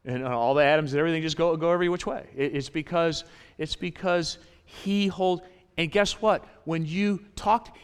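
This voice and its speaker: A man preaching a sermon in a church, animated, repeating his points and acting out little voices. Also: high-pitched, clear, resonant tone, big-room sound. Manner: animated, repeats phrases, acts out voices in quotes. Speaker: pastor. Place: church sanctuary.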